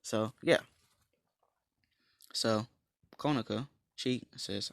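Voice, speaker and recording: A man's voice: on the low side, steady tone, unhurried, creaky, pauses often, a bit bright, no echo, clean studio sound. A man casually retelling a fan story, rambling, slangy and blunt, with many restarts and fillers.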